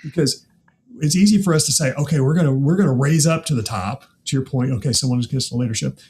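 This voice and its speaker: A man who grew up in the Midwest, hosting a casual chat with an animated, laughing manner and frequent rhetorical asides. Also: mid-range voice, fast. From American Midwest. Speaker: podcast host.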